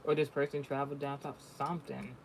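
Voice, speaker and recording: A man's voice: medium pitch, flat delivery, quick pace, vocal fry, a little hiss or hum. A man giving a spiritual reading in casual chat, talking bluntly and swearing freely as he tells stories. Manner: profane, blunt, storytelling. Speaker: spiritual reader.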